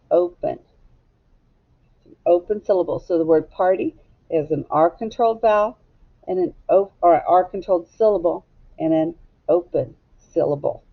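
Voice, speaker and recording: A woman teacher leading a recorded phonics lesson for young students, speaking patiently and asking them to echo words back. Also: lowish voice. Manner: slow, patient, asks pupils to echo words. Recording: slightly dull, lo-fi recording.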